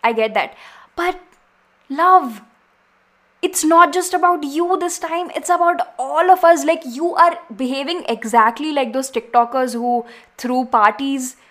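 A teenage girl hosting her own podcast, ranting heatedly with many restarts and trailing pauses. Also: high voice, a bit bright. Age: teens. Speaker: podcast host. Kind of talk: solo podcast rant.

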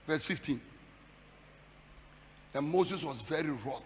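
A man preaching a fiery sermon, building his repeated phrases into shouted, sing-song climaxes. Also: high voice, slow pace, long pauses, a little hiss or hum. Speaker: pastor. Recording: long hall reverb.

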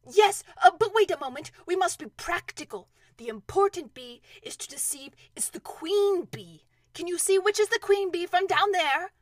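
Storybook teddy bear, a woman reading: high, thoughtful, ponderous. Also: moderate pace, few pauses, no echo. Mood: eager. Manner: earnest and ponderous, with hesitant restarts. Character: gentle, earnest, slow-witted male teddy bear.

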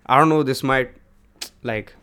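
A man's voice: mid-range voice, unhurried, a bit bright, smooth. A young man with an Indian English accent hosting a solo podcast at home, talking in a candid, profane, rambling way. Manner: candid and profane, switches between English and Hindi. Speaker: podcast host. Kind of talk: casual solo podcast monologue. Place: room at home.

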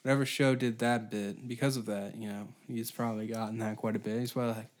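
A man's voice: fairly low pitch, steady tone, fast talker, few pauses. A man from Canada hosting a solo comedy podcast, rambling and profane as he riffs off the cuff. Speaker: podcast host.

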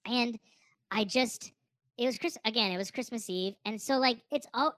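A woman with a fairly high voice tells a story in a rambling, animated way, full of jokes and restarts. Her speech sounds close and dry, with no room around it. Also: normal speed, no room sound. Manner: rambling, animated, jokey, self-interrupting. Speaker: podcast co-host. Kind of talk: casual comedic storytelling.

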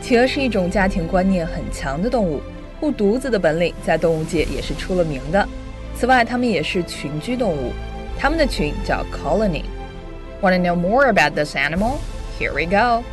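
A woman hosting a bilingual English lesson, upbeat, drilling words slowly and carefully. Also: lowish voice, expressive, music in the background. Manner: upbeat, switches between Chinese and English, slow careful pronunciation drills. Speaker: English teacher and host.

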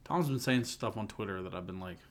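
A man's voice: lowish voice, a little fast, slight background noise. A young man co-hosting a podcast, chatting casually and joking as he retells a comedy bit. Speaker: podcast co-host. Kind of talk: casual chat.

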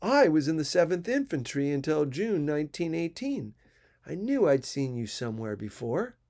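A man's voice: on the high side, big pitch swings, normal speed, a little mellow. A man reading aloud, voicing a polished young wealthy man who speaks with elaborate, careful formality. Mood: friendly.

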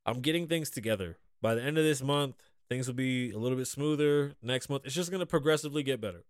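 A podcast host chats casually at a fast clip in a medium-pitched voice, with no room sound. He's loose and profane, wandering through stories, and his voice is strained from a pulled vocal cord and a sinus infection.

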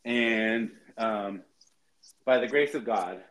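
A man co-hosting a podcast, telling stories in a chatty, dramatic, animated way. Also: fairly low pitch, slow, rough recording. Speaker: podcast co-host. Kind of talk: casual chat.

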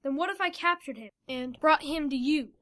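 A woman's voice: sits high, normal speed. Woman doing a menacing villain. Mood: scheming. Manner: threatening, shouting. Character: menacing hunter male villain.

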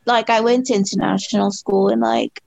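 A woman's voice: mid-range voice, big pitch swings, fairly quick, vocal fry, a little mellow, no echo. A woman chats loosely on a podcast, stringing thoughts together with fillers and laughter. Her mid-range voice comes through a slightly muffled, dry recording. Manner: rambling, heavy use of "like", laughs often. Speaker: podcast co-host. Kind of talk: casual chat. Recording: slightly dull lo-fi sound.

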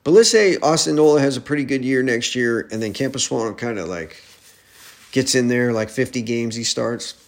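A man's voice: mid-range voice, animated, moderate pace. A young man in a casual sports rant, profane and heated, arguing back at imagined critics. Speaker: sports podcaster.

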